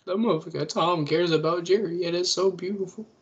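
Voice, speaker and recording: A young man co-hosting a casual podcast chat, playful and quick to tease. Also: sits high, steady tone, fairly bright tone, muffled recording, a little hiss or hum. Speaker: podcast co-host.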